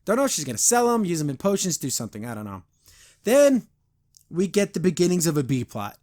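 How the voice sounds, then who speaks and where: A man's voice: fairly high pitch, huge pitch swings, fast talker, darkish tone. A man hosting a podcast, giving a casual, blunt and critical review of a cartoon episode. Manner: retells scenes, briefly imitating characters.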